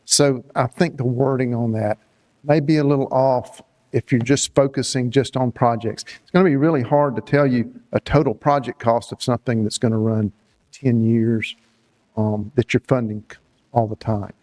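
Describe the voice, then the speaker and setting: Male resident at public comment, measured, procedural, mid pitch, city hall chamber. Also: fairly even intonation, darkish tone.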